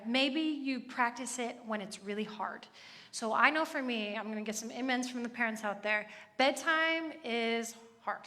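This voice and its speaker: A woman's voice: on the high side, pushed and bright. Give me a woman in her thirties preaching conversationally, her voice echoing through a big hall. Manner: chatty, earnest, with asides. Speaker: church speaker. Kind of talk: conversational sermon. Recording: echoey hall.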